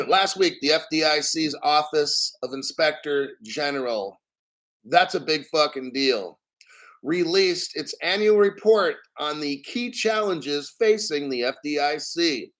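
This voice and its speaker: A man ranting on his crypto channel in a slightly raised voice, blunt and profane. He reads from an article and keeps clearing his throat between points. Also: fairly high pitch, lively intonation, a little slow, a bit bright. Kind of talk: ranting commentary reading articles.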